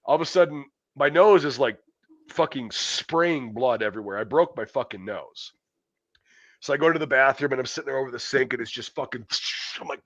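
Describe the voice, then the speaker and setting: A man's voice: medium pitch, a little fast, a bit bright, no echo. A man hosting a podcast, telling a long, profanity-laced anecdote in a casual, rambling way full of fillers. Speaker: podcast host. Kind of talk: casual storytelling chat. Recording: dull, muffled dry audio.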